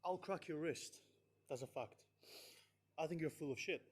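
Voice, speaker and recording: A man's voice: on the high side, moderate pace, slight background noise. A fighter at a press conference, a man trading cocky, taunting trash talk. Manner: cocky, taunting, laughs at his rival.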